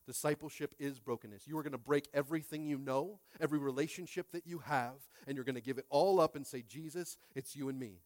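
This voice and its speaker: A pastor in his late thirties preaching a sermon, emphatic, swinging from quiet to loud and repeating phrases. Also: mid-range voice, fast, few pauses, no room sound, studio quality.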